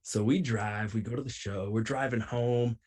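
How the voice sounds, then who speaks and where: A man of ordinary pitch chats as a podcast guest, spinning funny road stories with lively energy. He talks casually and playfully, slipping into the voices of the people in his stories. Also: normal speed. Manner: animated, playful, acts out quotes. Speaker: podcast guest, pro wrestler. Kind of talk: casual storytelling.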